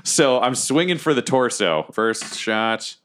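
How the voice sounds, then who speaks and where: A man's voice: mid-range voice, lively intonation, takes it slowly, fairly bright tone. A man playing a tabletop game, describing his character's moves eagerly and with jokes. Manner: eager, joking. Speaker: player.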